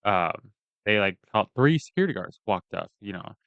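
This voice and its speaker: A man's voice: lowish voice, sing-song, moderate pace, fairly bright tone, no room sound. A man ranting in a casual, profane and rambling way as he tells a personal story. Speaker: vlogger giving a personal account. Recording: dull lo-fi dry recording.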